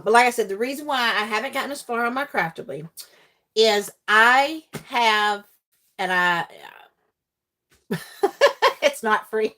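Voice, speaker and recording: A middle-aged woman chatting casually with her livestream viewers while crafting. She is animated, laughs often and greets viewers by name. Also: a little high. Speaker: livestream host and teacher.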